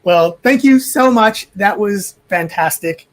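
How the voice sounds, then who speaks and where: A woman's voice: medium pitch, animated, slow. A woman co-hosting a live-streamed cabaret, gushing over the performers and reading out the chat. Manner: enthusiastic, gushing. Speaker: cabaret co-host.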